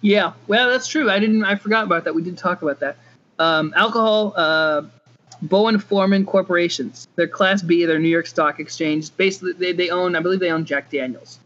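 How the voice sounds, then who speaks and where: A man's voice: high-pitched, brisk, fairly bright tone. A man co-hosting a podcast, arguing his point insistently in casual chat. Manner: insistent, argumentative. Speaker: podcast co-host. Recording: dull lo-fi podcast audio.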